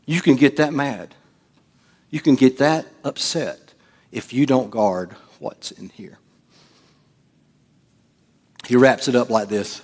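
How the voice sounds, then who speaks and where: A middle-aged man, preaching a sermon as pastor, swinging from hushed asides to loud, animated delivery. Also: mid-range voice, slow, pauses often, slightly rough, long reverb tail.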